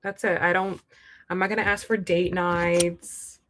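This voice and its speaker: A young woman does a live tarot reading, chatting frankly straight to the viewer and often acting out what people might say. Her voice is on the low side and flat, her pace measured, with background noise present.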